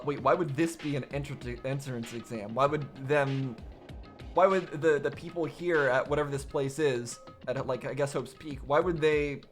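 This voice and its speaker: Man musing through a blind game playthrough. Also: medium pitch. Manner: thinks aloud, restarts sentences, questions himself. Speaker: gaming video host.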